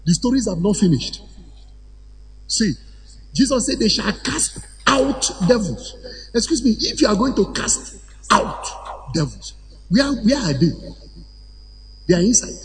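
A man preaching a sermon to a congregation, animated and at times shouting or chanting phrases. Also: high-pitched, a little slow, long pauses. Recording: hall reverb with faint ambience.

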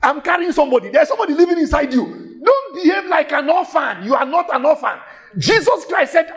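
A man preaching a sermon in a church, emphatic and shouting at times, repeating phrases rhythmically and laughing between lines. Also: very high-pitched, lively intonation, a little fast. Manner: shouting, emphatic, with sudden exclamations.

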